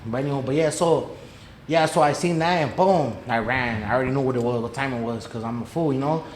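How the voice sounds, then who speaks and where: A man's voice: medium pitch, fast talker. A man, telling a story in a casual podcast chat, slangy and profane, acting out the voices of the people in it. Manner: slangy and profane, retelling with quoted dialogue. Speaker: podcast guest. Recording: echoey room with faint noise.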